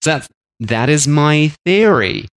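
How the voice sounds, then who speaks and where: A man's voice: on the high side, animated, slow pace. Chatty Australian man co-hosting a podcast. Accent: Australian with a slight English tinge. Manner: chatty, jokey, rising into exaggerated mock outrage. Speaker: podcast co-host. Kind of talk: casual chat.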